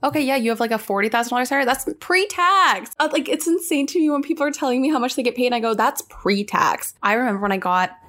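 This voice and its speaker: A young woman in her twenties from Canada, telling animated stories in casual chat as a content creator, full of fillers. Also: a little high. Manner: fast, animated storytelling with many fillers.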